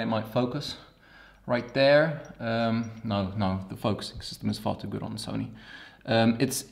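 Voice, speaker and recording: A man talking casually and excitedly about camera gear in a video review, out of breath and rambling a little as he hypes it up. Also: medium pitch, gravelly.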